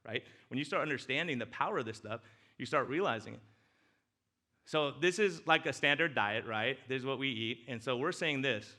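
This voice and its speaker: A man, a doctor, giving a casual, joking talk with slides at a church men's breakfast, swinging between loud excitement and quiet emotion. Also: mid-range voice, fairly quick. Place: church hall.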